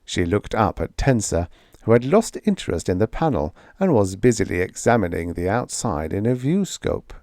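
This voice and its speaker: A man narrating a vintage science fiction short story as a sleep story, calm and measured. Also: on the low side, no echo, clean studio sound. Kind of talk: scripted audiobook narration for sleep.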